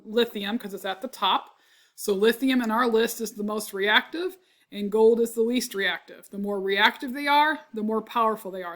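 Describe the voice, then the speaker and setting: A woman with a mid-range, slightly bright voice gives a recorded chemistry lecture while congested, clearing her throat frequently. She explains step by step, often adds "right?" and corrects herself when she slips.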